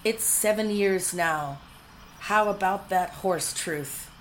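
A woman's voice: mid-range voice, slow, slight background noise, lightly acted, rough recording. A woman voicing a lovesick seaman writing a fond letter to his sweetheart. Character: lovesick male sailor writing home.

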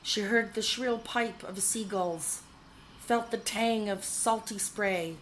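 A woman narrating a whimsical storybook in a measured, dryly humorous way. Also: mid-range voice, slight background noise, rough recording.

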